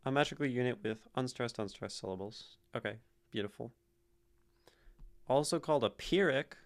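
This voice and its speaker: On a live stream, a man thinks aloud while casually analyzing poetry, tapping out syllable rhythms. He speaks at a moderate pace in a clear, resonant mid-range voice through a streaming mic.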